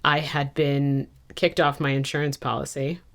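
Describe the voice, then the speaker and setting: A woman's voice: a bass voice, level tone, moderate pace. A woman in her thirties, a podcast guest telling stories about her life in a candid, self-mocking way. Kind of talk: casual podcast interview.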